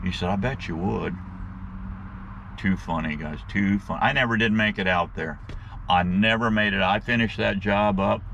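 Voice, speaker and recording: A man with a somewhat low, gravelly voice tells a long story in a loose, animated way. He talks to his viewers as guys and uses folksy slang. Faint outdoor noise and passing vehicles sit behind him. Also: moderate pace, highs cut off. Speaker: vlogger telling stories to his viewers. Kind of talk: rambling casual storytelling.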